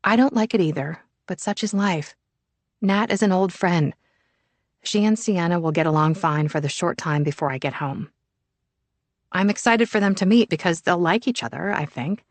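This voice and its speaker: A woman narrating a psychological thriller in the first person, measured and steady. Her voice sits on the low side. The studio sound is dry and close, with no room echo. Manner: measured, even storytelling. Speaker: audiobook narrator.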